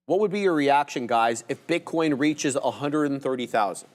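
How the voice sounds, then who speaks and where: A man co-hosting a live stock trading stream, walking through his trades and giving shout-outs to viewers in the chat. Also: medium pitch, normal speed, hardly any pauses. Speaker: trading show co-host.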